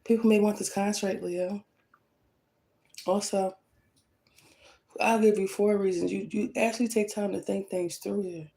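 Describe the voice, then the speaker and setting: A woman with a gravelly, fry-edged voice gives a tarot reading straight to her viewers. She is blunt and emphatic, keeps checking in with a quick "okay?", and her pitch sits in an ordinary middle range. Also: fairly even intonation, dark tone, a little hiss or hum, low-quality recording. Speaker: tarot reader.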